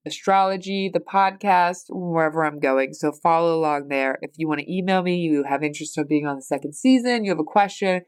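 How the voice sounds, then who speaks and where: A woman's voice: deep voice, a little fast, hardly any pauses, clean tone. Rambling, candid American woman podcaster. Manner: candid, rambling, swears casually. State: emotional, teary, stuffy nose. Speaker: podcast host. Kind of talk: personal solo podcast chat.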